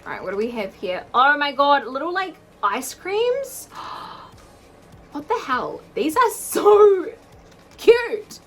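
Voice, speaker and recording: A young woman in her twenties unboxing earrings on a casual vlog, gushing and gasping with excitement. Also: high-pitched, measured pace, soft background music, low-quality recording. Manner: gushing, excitable, gasps and squeals often. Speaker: vlogger unboxing jewellery. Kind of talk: casual chat to camera.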